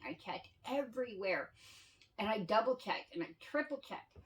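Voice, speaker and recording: Candid, swearing woman, a bit high. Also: expressive, a little slow, pauses often, recorded from a distance, rough recording. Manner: candid, swears freely, laughs often. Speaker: vlogger. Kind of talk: casual storytelling monologue.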